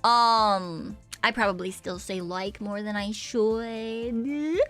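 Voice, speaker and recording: Slow-talking bright-voiced young woman streamer. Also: mid-range voice, faint music behind. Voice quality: slight vocal fry. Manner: chatty, giggly, swears casually, sings snippets. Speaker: VTuber streamer. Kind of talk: casual chat with stream viewers.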